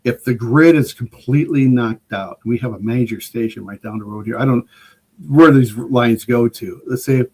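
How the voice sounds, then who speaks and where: Older man, podcast guest, rambling enthusiastic storyteller, casual, average pitch. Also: normal speed, darkish tone. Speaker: guest preparedness expert.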